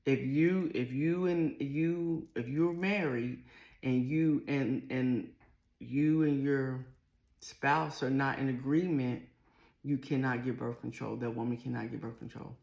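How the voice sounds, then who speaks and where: Give me a blunt middle-aged woman telling stories to camera, slow and unhurried. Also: extremely low pitch, steady tone, vocal fry, a little mellow. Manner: candid, earthy and blunt, with frequent restarts. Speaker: vlogger. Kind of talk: casual storytelling to camera. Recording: echoey room.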